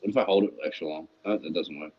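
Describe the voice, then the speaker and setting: A man's voice: deep voice, fast, breathy edge. A man co-hosting a casual livestream chat, joking and swearing freely. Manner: joking, swears freely, slips into silly put-on accents. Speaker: livestream co-host. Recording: dull lo-fi stream audio.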